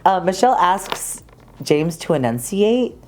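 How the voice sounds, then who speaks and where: A man's voice: high-pitched, big pitch swings, a little slow, a little mellow, soft background music. A man hosting a casual recap chat as a drag queen, gossipy and blunt, swearing freely and laughing often. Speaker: drag queen podcast host.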